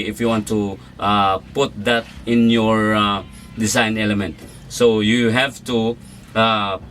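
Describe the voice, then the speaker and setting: Bright-voiced male teacher, halting. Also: mid-range voice, a little hiss or hum. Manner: halting, many fillers and restarts. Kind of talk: recorded online lecture.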